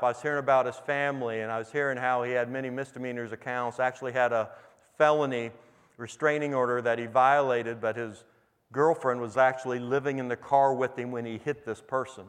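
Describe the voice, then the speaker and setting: A man's voice: medium pitch, steady tone, a little fast. A middle-aged man preaching, earnestly retelling a conversation with a young inmate as a testimony. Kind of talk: sermon storytelling. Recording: long hall reverb.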